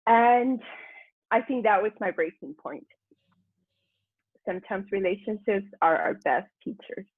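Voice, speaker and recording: A woman's voice: medium pitch, animated, unhurried, breathy edge, no room sound. A woman guest, a personal transformation mentor, telling her life story in a chatty way, often laughing and acting out her own past thoughts. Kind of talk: candid storytelling interview. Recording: dry phone-like line.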